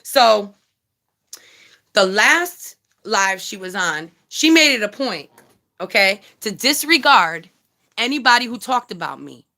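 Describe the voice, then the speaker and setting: A woman's voice: mid-range voice, very animated, slow, sharp tone. A woman vlogger ranting bluntly and heatedly on a casual live stream, swearing freely and talking straight to her viewers. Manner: chats directly with viewers. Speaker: YouTube commentary vlogger.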